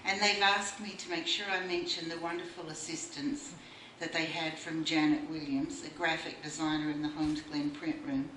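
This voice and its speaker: A woman's voice: sits low, little pitch movement, moderate pace, a bit bright, recorded from a distance. A woman giving a wry speech at a book launch and reading a poem aloud. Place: bookshop room. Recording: echoey room recorded from afar, faint noise.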